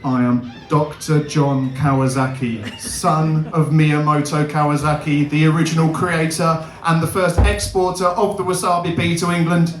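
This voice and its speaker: A man voicing a grand, solemn male doctor who speaks slowly and loudly. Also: fairly high pitch, little pitch movement, roomy sound, a little hiss or hum, lightly acted, poor audio.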